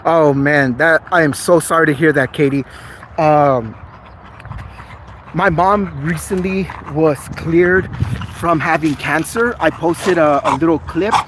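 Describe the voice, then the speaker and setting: A man's voice: a little high, slow pace, a bit bright, slight background noise, low-quality recording. A man in a casual livestream chat with viewers, chatty, earnest and apologetic. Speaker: vlogger.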